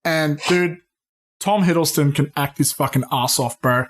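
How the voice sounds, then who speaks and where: Brief: male podcast co-host, a touch high-pitched, excitable, profane, calls people "dude". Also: measured pace. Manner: excitable, swears freely, says "dude". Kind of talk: casual pop-culture chat.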